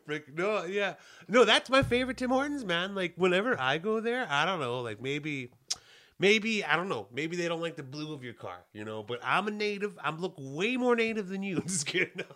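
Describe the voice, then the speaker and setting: Young man, joking co-host type, bright and slightly high voice, teases and laughs a lot. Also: animated, moderate pace. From Canada. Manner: teasing, rambling, laughs often. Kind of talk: casual chat.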